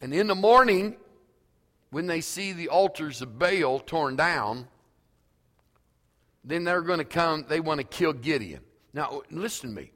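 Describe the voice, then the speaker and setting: Slow-preaching pastor, reverberant hall. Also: male voice, medium pitch, fairly bright tone. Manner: slow, emphatic preaching, reading scripture aloud. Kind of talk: sermon.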